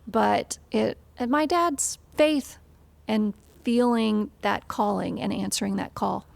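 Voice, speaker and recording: A woman's voice: medium pitch, slow, vocal fry, no echo. A woman from Western Illinois sharing her upbringing in a casual podcast conversation, earnest and reflective.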